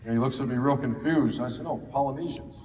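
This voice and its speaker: A man's voice: medium pitch, steady tone, quick pace, darkish tone, recorded from a distance, a little hiss or hum. Man telling stories in an echoey hall. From Ohio. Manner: folksy, anecdotal, many restarts and fillers. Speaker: football coach speaking at a clinic. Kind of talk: storytelling talk to an audience. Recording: echoey hall, faint ambience.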